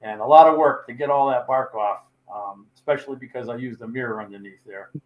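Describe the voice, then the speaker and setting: A man's voice: mid-range voice, fairly quick, muffled recording. An older man casually presenting his wood carvings, folksy and rambling with plenty of fillers. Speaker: sculptor presenting his work. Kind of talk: casual show-and-tell talk.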